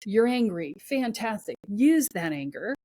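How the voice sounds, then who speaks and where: A woman's voice: mid-range voice, very animated, a little slow, mellow, no room sound. A woman speaking as a podcast guest and spiritual coach, giving emphatic, blunt advice in short commands. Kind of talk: podcast conversation.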